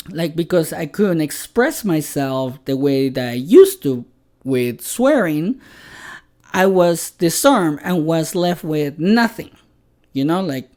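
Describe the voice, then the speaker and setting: A woman's voice: on the low side, a little mellow. A woman in her thirties hosting a podcast, telling personal stories in a candid, profane, casual monologue. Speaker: podcast host.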